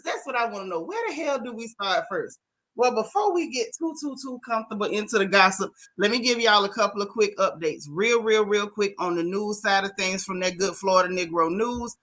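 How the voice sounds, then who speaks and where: A woman's voice: sits high, fairly bright tone. A woman hosting a live gossip stream, chatting and greeting viewers by name. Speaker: host of a live gossip show. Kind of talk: casual live-stream chat.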